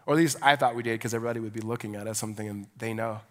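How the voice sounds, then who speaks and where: A man's voice: on the low side, steady tone, rapid-fire, a bit bright. A man in his thirties preaching a sermon as a pastor, telling personal stories in a loose, conversational way with many fillers. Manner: conversational storyteller, filler-heavy, with rising preaching fervor. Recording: long reverb of a large hall.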